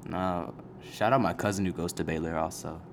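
Young male co-host, quick and teasing, deeper voice, faint noise behind. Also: steady tone, gravelly. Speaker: podcast co-host. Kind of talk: casual chat.

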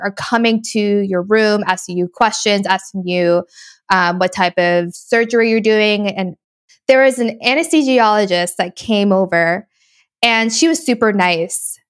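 A woman's voice: mid-range voice, measured pace, smooth. A young woman, chatting casually and telling a story with many fillers. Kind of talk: casual chat.

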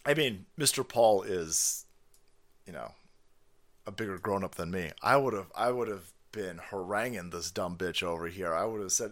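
A man's voice: low voice, unhurried, a bit bright. A man hosting a stream, ranting in angry, swearing, mocking commentary on a played clip. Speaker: stream host.

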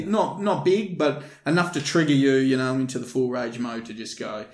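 Laid-back man swapping security stories. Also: medium pitch. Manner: laid-back, swears casually, short agreements. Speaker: podcast host, security worker. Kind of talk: casual chat. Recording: echoey room.

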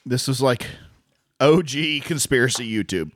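A man with a lively, swooping voice chats on a podcast, tossing in dry quips. The sound is close and dead, with no room around it. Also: medium pitch, moderate pace, no room sound. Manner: relaxed, dry reactions, offhand asides. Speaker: podcast co-host. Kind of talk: casual chat.

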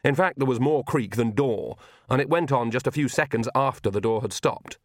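A man's voice: medium pitch, moderate pace, no echo. Male narrator, dry storytelling, comic fantasy audiobook, close dry studio sound. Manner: dry storytelling, voices characters.

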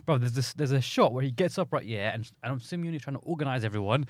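A man's voice: mid-range voice, animated, fast talker, no room sound, studio quality. A man co-hosting a football podcast, telling match moments in casual chat. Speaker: podcast co-host.

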